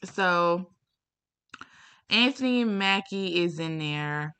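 A woman's voice: animated, drawn-out words, bright, forceful tone, smooth. A young woman venting in a casual, profane rant to camera, firing off exasperated rhetorical questions. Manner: rhetorical questions, pitch leaps up when worked up. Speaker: vlogger.

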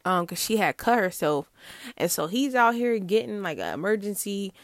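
Young woman, casual storyteller, lively and laughing, dry close sound, mid pitch. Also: moderate pace, no echo. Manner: animated, laughs often, acts out quotes.

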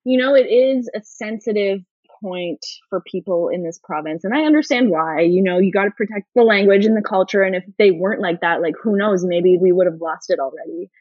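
A young woman talking casually as a podcast guest, animated and laughing often. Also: mid-range voice, fairly quick, hardly any pauses, no echo, lo-fi sound.

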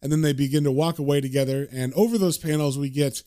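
Guy recapping a comic, kinda high voice, animated and into the gross parts. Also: fast. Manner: animated, retelling scenes with relish. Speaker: comic book reviewer. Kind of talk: casual comic recap storytelling.

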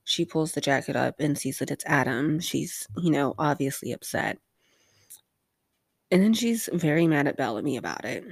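A woman's voice: low voice, animated, moderate pace, gravelly, slightly rough, no echo, studio quality. A woman hosting a casual rewatch recap of a TV episode, rambling with lots of fillers and offhand swearing.

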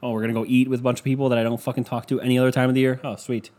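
A man's voice: medium pitch, little pitch movement, rapid-fire, darkish tone. A man hosting a casual solo podcast, rambling and swearing freely, packing his talk with "you know" fillers. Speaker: podcast host.

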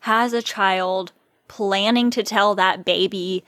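A woman's voice: medium pitch, fairly even intonation, takes it slowly, a bit bright, no echo, clean studio sound. A woman co-hosting a podcast in casual chat, musing and laughing often. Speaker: podcast co-host.

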